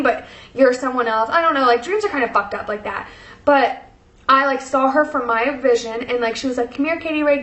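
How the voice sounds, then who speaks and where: A woman's voice: sits high, fairly bright tone. Chatty young woman in an echoey room. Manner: chatty, many fillers, tearful and laughing. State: emotional, close to tears. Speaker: vlogger. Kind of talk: casual storytelling.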